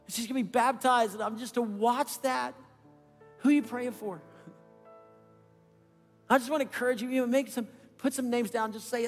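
High-voiced pastor preaching in a hall. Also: male voice, normal speed, long pauses. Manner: storytelling, earnest and animated. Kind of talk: sermon. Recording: long hall reverb with faint music.

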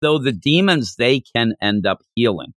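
A man hosting a casual podcast discussion, animated, acting out characters' lines as he talks. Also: medium pitch, normal speed, no echo, studio quality. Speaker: podcast host.

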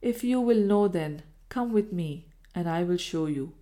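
A woman's voice: lowish voice, lively intonation, a little slow, mellow. Woman reading a reproachful, troubled Victorian lady in a period audiobook. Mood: resolute. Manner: cold, reproachful.

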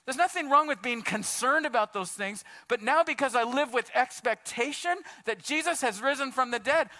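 High, bright-voiced male pastor preaching. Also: normal speed. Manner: casual, earnest preaching, says "man" often. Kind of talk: sermon.

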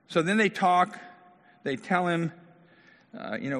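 A man preaching a sermon as a pastor, asking questions with animated emphasis. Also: mid-range voice, fairly quick, creaky. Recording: long hall reverb.

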